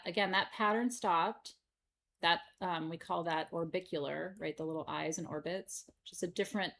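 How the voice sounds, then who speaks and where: A woman's voice: fairly low pitch, fairly bright tone. Woman, middle-aged, playful live sale host, giggly, chatty. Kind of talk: live-stream sales chat.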